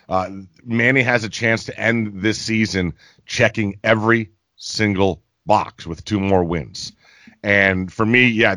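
A man's voice: on the low side, pushed and bright, no room sound, studio quality. A man hosting a casual sports podcast who steers the talk by asking questions and moving to new topics.

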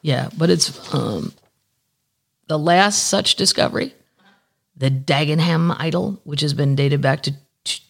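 A chatty podcast host with a gravelly voice rambles through stories. The host swears freely and reads news aloud with sarcastic asides. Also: medium pitch, a little slow. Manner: candid, profane, rambling. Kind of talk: casual chat.

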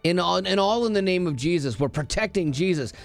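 Upbeat high-voiced male radio host. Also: lively intonation, brisk, gravelly, faint music behind. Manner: upbeat, joking, leads the segment. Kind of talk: casual radio banter. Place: radio studio.

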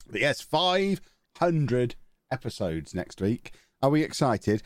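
A man's voice: mid-range voice, sing-song, takes it slowly, no echo. Guy teasing his cohosts, dry close mic, mid voice. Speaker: podcast co-host. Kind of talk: casual chat.

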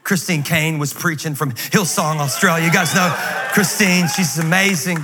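A man preaching a sermon in an energetic, joking, conversational way. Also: fairly high pitch, moderate pace, music in the background. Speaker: guest pastor. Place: large church auditorium. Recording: reverberant hall, faint noise.

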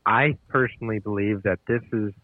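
Teen male guest, slightly low voice, dry phone-line sound, halting delivery. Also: fairly even intonation, dry recording. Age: teens. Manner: hesitant, fills with uh and um. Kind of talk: casual political chat.

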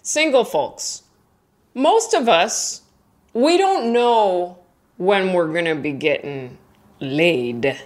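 A young adult woman doing stand-up comedy, unhurried in her delivery. Her voice rises and falls widely as she rambles through silly, self-deprecating stories. She sometimes jumps into high, squeaky voices for imagined friends. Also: lively intonation.

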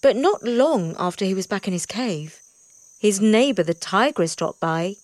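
A woman's voice: medium pitch, lively intonation, measured pace, no room sound. Woman reading a children's story expressively.

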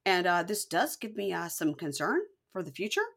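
A woman voicing a timid, hesitant middle-aged man who speaks haltingly. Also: on the low side, sing-song, gravelly, a bit bright, heavily acted. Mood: meek. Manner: halting and unsure.

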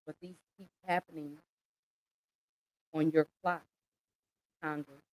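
A woman's voice: low voice, little pitch movement, slow, no echo, highs cut off. A woman hosting an emotional commentary, pleading and impassioned as she talks straight to her listeners. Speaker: host.

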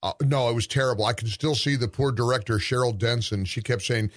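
A man's voice: mid-range voice, fairly even intonation, brisk, dry recording. Chatty male radio host, dry studio sound. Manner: chatty, teasing, emphatic. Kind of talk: casual radio banter.

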